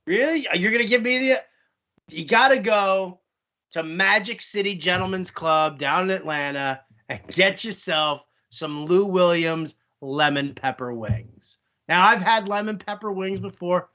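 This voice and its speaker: A man with a high, bright, lively voice co-hosts a podcast, rambling and joking through casual banter. He leans on fillers and trails off mid-thought. The sound is dull and lo-fi. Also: unhurried. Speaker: podcast co-host.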